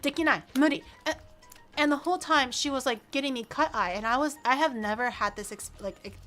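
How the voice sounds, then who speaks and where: A young woman streamer telling a story in an animated, casual way, full of "like" fillers and acting out the people in it. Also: sits high, a little fast, soft background music. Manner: frequent "like" fillers.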